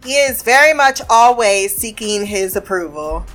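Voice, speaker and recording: A woman casually recapping a TV episode, animated and profane, acting out the characters' lines. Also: medium pitch, a little slow, faint music behind.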